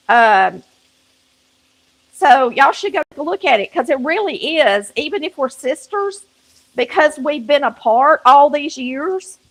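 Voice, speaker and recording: A Southern woman with a country accent cooks in her home kitchen, talking straight to viewers in a folksy, chatty way as the show's host. Her voice is high, gravelly and a bit bright, on a low-quality recording.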